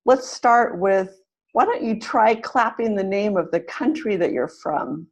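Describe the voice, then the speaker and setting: A woman runs an online webinar for language teachers, speaking through a computer mic. She sounds clear and encouraging, and she stretches and punches the stressed syllables of the words she models. Her voice sits at an ordinary middle pitch. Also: lively intonation, unhurried. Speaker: webinar facilitator.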